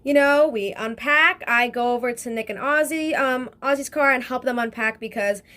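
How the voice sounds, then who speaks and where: High-voiced chatty young woman. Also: moderate pace. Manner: chatty, excitable, lots of fillers and swearing. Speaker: vlogger. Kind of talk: casual storytime.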